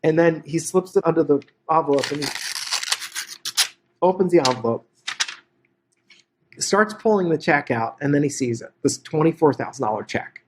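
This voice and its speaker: A man presenting on real estate investing, telling a story in a lively way and acting out each character's lines. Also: a little high, normal speed, pauses often, a little hiss or hum. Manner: animated, acts out every character's dialogue. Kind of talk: anecdotal storytelling to an online audience.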